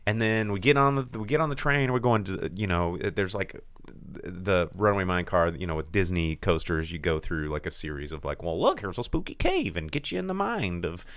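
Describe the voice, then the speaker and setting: A man with a fairly low voice that swings widely in pitch, chatting casually as a podcast host. He tells stories with lots of animation, acting out voices and sound effects. The sound is dry and close. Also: animated, moderate pace, a bit bright, no echo. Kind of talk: casual chat about movies.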